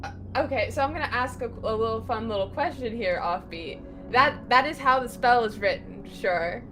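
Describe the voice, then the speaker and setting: A woman playing a tabletop game, excitable and laughing, with hesitant restarts. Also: a little high, moderate pace, soft background music. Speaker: player.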